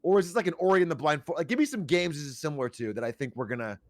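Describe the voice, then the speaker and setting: A man bantering as a mock investor, quick and salesy. His voice runs a little high and his delivery is rapid. The sound is close and dry, with no room echo. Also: expressive. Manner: fast, hyped, salesy. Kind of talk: playful streamer banter.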